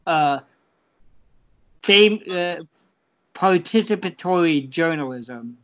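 A man's voice: on the high side, expressive, fairly bright tone. A man chatting casually with a wry, joking manner. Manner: slow, wry, laughs often. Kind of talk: casual chat. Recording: dull lo-fi recording.

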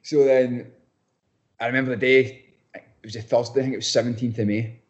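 A man's voice: mid-range voice, fairly even intonation, brisk. A young Scottish man, a footballer being interviewed, chatting casually with lots of restarts and repeated words. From Scotland. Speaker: footballer guest.

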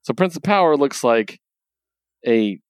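A man hosting a casual podcast, animated and profane as he acts out scenes from a comic. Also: mid-range voice, measured pace, smooth, dry recording, studio quality. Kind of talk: casual comic book chat.

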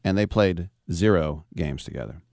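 A man's voice: low-pitched, normal speed, creaky, darkish tone. A man hosting a sports talk radio show, chatting and telling stories with frequent laughs. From Bay Area of California. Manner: chatty, storytelling, laughs often.

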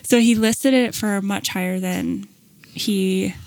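A woman chatting casually and spinning a long story, slipping into little voices for each person she quotes. Her voice sits at an ordinary middle pitch, and the recording is close and dry, with no room sound around it. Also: takes it slowly, no echo. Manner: animated storyteller, acts out quotes, many fillers.

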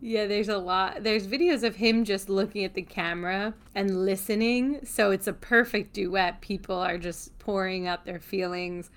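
A woman's voice: mid-range voice, steady tone, normal speed, hardly any pauses, smooth. A woman co-hosting a casual chat show, amused and laughing easily. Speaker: podcast co-host.

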